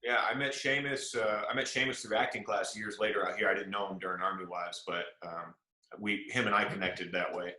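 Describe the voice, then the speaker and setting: Speaking briskly with a lowish voice, a young guest actor from South Carolina animatedly acts out quotes while casually telling stories in an interview. The room is echoey.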